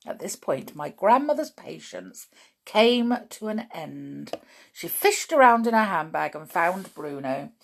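A woman podcast storyteller reads a storybook chapter aloud and then chats about it. Her delivery is animated, with a lively pitch range. She reads at a slow, unhurried pace. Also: gravelly. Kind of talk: storybook reading.

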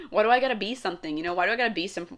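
A woman's voice: medium pitch, lively intonation, very fast, a bit bright. A young woman talking casually to the camera in a rambling, chatty monologue, laughing often. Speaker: vlogger.

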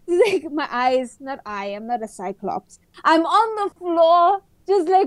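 Podcast co-host, woman, high voice, excitable dramatic storyteller, dry close sound. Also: takes it slowly, no echo. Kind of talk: casual chat.

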